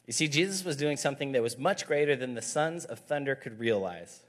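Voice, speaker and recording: A man's voice: mid-range voice, animated, brisk, few pauses. A man in his thirties, a youth pastor, giving a conversational, emphatic sermon with stories.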